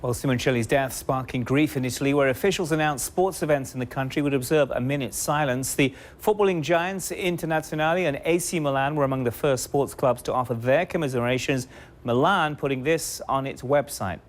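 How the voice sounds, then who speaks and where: A man anchoring a news bulletin, reading in a measured, formal way. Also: medium pitch.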